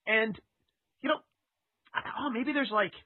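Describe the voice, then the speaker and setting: High, lively man over a phone line. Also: unhurried, dry recording. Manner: laughing, rambling, hesitant with fillers. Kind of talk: casual chat. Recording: tinny phone-like sound.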